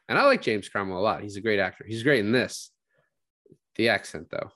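A man's voice: on the low side, lively intonation, fairly quick, sharp tone, dry recording. A man co-hosting a casual film chat, rambling and swearing freely as he retells scenes. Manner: rambling, profane, acts out quotes. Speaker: podcast co-host discussing a film.

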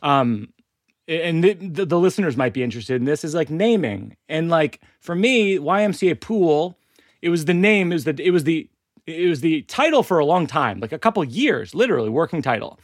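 Higher-voiced male podcast host, rambling. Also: animated, brisk, no room sound, studio quality. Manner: rambling, self-interrupting storyteller. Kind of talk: casual conversational interview.

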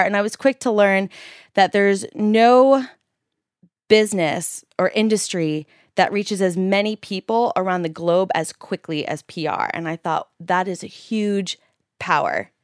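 A woman's voice: lowish voice, clear, resonant tone, dry recording, clean studio sound. Upbeat laughing woman guest. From San Francisco. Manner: upbeat, laughs easily, earnest. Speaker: guest publicist. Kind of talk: casual interview.

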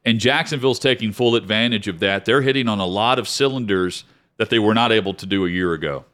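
Low-voiced male sports talk co-host. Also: fast, fairly bright tone. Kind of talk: sports talk radio discussion.

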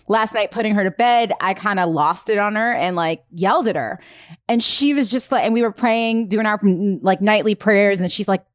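A woman's voice: medium pitch, no room sound, studio quality. A woman, a podcast co-host, chatting expressively and acting out quotes as she tells a story. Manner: expressive, laughing, acts out quotes. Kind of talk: casual conversation.

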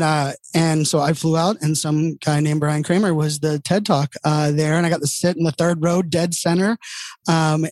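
A man's voice: on the high side, darkish tone, no room sound. A middle-aged man telling his career story in casual conversation, rambling and full of fillers and restarts. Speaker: entrepreneur guest.

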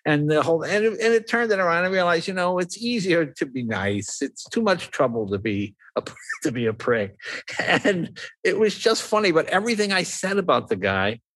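A man telling lively anecdotes in a casual chat, acting out what people said. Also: on the high side, normal speed. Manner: animated anecdotes with acted-out quotes. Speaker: talk show guest, former host.

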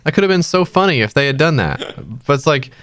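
A man's voice: fairly high pitch, lively intonation, fast, fairly bright tone, dry recording, clean studio sound. A man co-hosting a casual movie review podcast, sarcastic and jokey, slipping into silly voices to mock lines. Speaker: podcast co-host.

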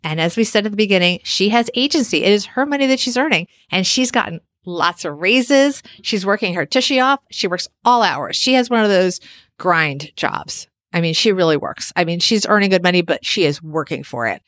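A middle-aged woman in casual conversation, telling animated stories and acting out what others said. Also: lowish voice, fairly quick, no room sound, studio quality. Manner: animated storytelling, acts out quoted voices. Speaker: podcast host and author. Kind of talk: casual chat.

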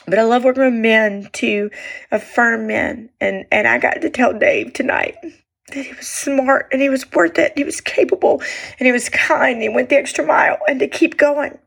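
A woman's voice: fairly high pitch, normal speed, vocal fry, slightly rough, no room sound, clean studio sound. Chatty woman telling stories. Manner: chatty, warm storyteller with many fillers and restarts. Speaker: vlogger sharing daily stories. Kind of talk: casual chat to camera.

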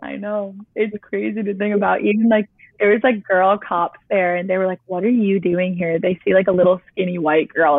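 A woman's voice: mid-range voice, steady tone, moderate pace, no echo. A young woman telling her personal testimony in a casual, chatty way, with "like" peppered through her sentences. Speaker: guest sharing her testimony. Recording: tinny phone-line sound, dry.

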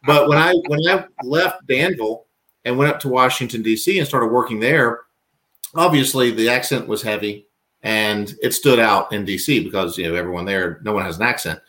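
Guy from virginia rambling on a podcast, jokey, trips over his words, middle pitch. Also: moderate pace, sharp tone. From Virginia, US South. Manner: rambling, self-mocking, stammers restarts. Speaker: podcast guest. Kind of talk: casual interview chat.

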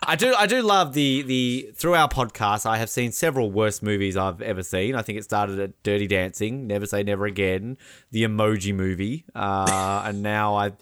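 A man's voice: fairly low pitch, normal speed, a bit bright, clear, resonant tone. A man co-hosting a podcast in casual chat, rambling with fillers and laughs. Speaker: podcast co-host.

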